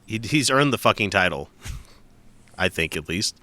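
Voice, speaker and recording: Low, bright-voiced man, sarcastic swearing podcast host. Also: animated, measured pace, no room sound. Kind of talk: casual podcast chat.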